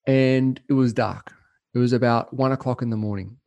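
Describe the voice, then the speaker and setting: Earnest man with a mellow voice. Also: medium pitch, steady tone, vocal fry, highs cut off. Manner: earnest, emotional storytelling with reflective pauses. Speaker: podcast guest. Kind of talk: storytelling interview.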